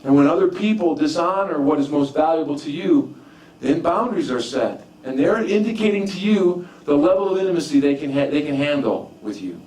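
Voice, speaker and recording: A man's voice: fairly high pitch, animated, a little fast, a little mellow. A man preaching a conversational sermon, repeating and restarting phrases as he tells personal stories. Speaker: pastor. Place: church sanctuary. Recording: echoey room from far off.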